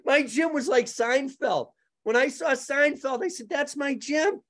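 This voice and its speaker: High-voiced man telling animated stories. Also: a little slow. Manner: animated, laughs often, acts out other people's lines. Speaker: podcast guest. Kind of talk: casual storytelling.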